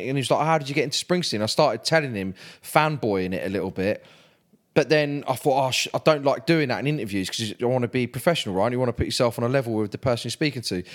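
Chatty man telling rambling anecdotes. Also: medium pitch. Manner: chatty, rambling anecdotes with playful accent impressions. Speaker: podcast co-host. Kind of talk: casual chat.

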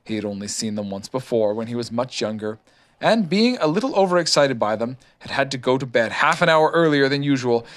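A man reading a storybook aloud to a child, lively and expressive. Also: mid-range voice, fairly quick. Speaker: reader.

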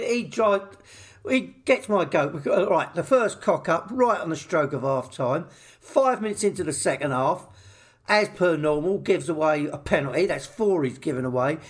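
Bloke mocking a player, lively swingy voice, does little silly voices. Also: male voice, fairly high pitch. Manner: mocking storytelling with comic voices. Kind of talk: casual football chat.

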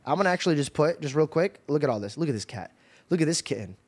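Young guy podcast host, kinda high voice, animated and laughy. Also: quick pace, husky. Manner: animated, laughs often, restarts. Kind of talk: casual storytelling chat.

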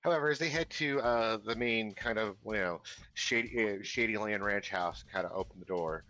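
A man's voice: on the low side, normal speed, bright, forceful tone, low-quality recording. A man narrating as game master of a tabletop game, rambling with many fillers.

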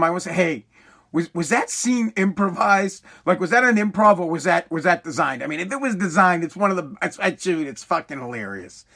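A man with a notably high voice talks loosely and profanely, like a podcast host. He rambles, restarts his sentences and keeps breaking into laughter as he goes. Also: bright, forceful tone. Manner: profane, laughs often while retelling. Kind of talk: casual rambling chat.

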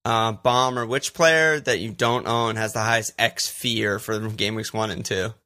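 A man's voice: fairly low pitch, fairly even intonation, a little slow, pushed and bright, slight background noise. A man co-hosting a podcast, chatting casually, swearing freely and reading out listener questions. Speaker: podcast co-host. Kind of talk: casual chat.

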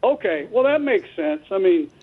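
A man calling into a sports radio show, talking casually and a bit haltingly. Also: high voice, sing-song. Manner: casual, hesitant with fillers. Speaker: caller. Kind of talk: phone-in call. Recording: tinny phone line.

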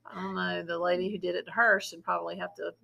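A woman's voice: on the low side, little pitch movement, quick pace, creaky, sharp tone, dull audio. A woman co-hosting a podcast, chiming in with short, indignant reactions. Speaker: podcast co-host. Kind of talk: casual conversation.

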